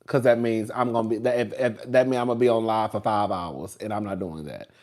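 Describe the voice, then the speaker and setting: A man's voice: lowish voice, fast talker, darkish tone. A man hosting a casual live stream. He rambles, talks with sass and laughs often as he chats with his viewers. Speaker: show host reviewing TV.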